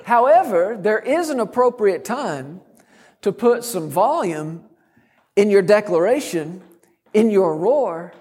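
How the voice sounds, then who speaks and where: A man's voice: high-pitched, big pitch swings, slow pace, darkish tone, husky. A middle-aged man preaching a sermon as a guest speaker, bold and emphatic with touches of humor.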